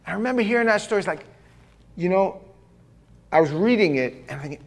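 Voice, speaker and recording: Animated storytelling pastor, man. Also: high-pitched, brisk. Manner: animated storytelling with self-deprecating jokes. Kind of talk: sermon. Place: church sanctuary.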